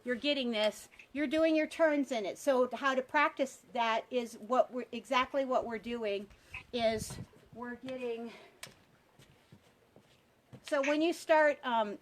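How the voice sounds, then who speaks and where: A woman's voice: on the high side, slow, slight background noise. Upbeat woman teaching hula hooping. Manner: upbeat, chatty, encouraging. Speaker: hula hoop instructor. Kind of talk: live online workshop teaching. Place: outdoors by a pond.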